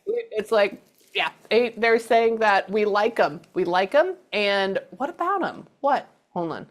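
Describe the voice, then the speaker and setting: Unhurried and lively in intonation, a middle-aged woman with a medium-pitched voice conducts a psychic reading. She chats freely, performing each message she delivers in the voices of those being quoted.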